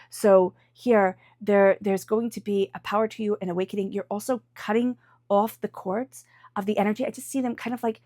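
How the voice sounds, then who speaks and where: A woman's voice: mid-range voice, fairly quick, dark tone, no echo, studio quality. Chatty earnest woman reading tarot. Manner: chatty and earnest, with frequent "like" and "right?". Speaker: tarot reader.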